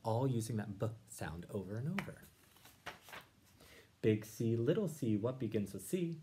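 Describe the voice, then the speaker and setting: A man teaching young listeners, reading a rhyming picture book aloud and explaining it in a gentle, encouraging way. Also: medium pitch, lively intonation, measured pace, background noise. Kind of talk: read-aloud lesson.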